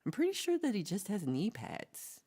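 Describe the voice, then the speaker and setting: A woman's voice: medium pitch, wildly swooping pitch, normal speed, mellow, breathy edge. A woman co-hosting a livestream, chatting casually and reading out comments in a rambling, giggly way with playful asides. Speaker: livestream co-host.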